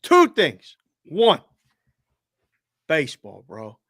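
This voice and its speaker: Man, co-host, casual sports betting chat, animated and profane, fairly high voice, dry close sound. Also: very slow, no room sound.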